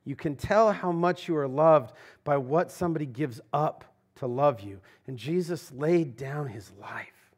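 A man preaching a sermon as pastor, talking in a conversational, emphatic way that swings between loud and hushed. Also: on the high side, animated, unhurried. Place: church sanctuary.

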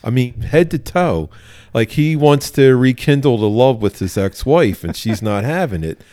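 A police officer telling a story in a relaxed interview. His voice is mid-pitched and animated, with many fillers and chuckles between lines. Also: moderate pace, no echo, clean studio sound. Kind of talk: casual storytelling.

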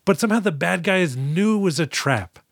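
A man's voice: high voice, expressive, moderate pace, vocal fry, no room sound. A man co-hosting a podcast, retelling movie scenes in rambling, profane casual chat. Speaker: podcast co-host.

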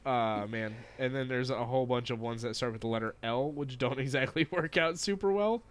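A man's voice: mid-range voice, brisk, smooth. A man co-hosting a casual podcast, making dry puns and wry remarks. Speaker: podcast co-host. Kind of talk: casual chat.

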